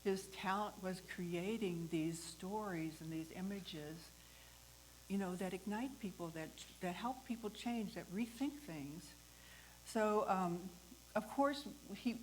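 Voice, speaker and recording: A woman hosting a talk, telling a personal story in a lively way, acting out the voices of the people in it and laughing often. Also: medium pitch, measured pace, slight background noise, rough recording. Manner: animated, acts out the voices in her story. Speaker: host.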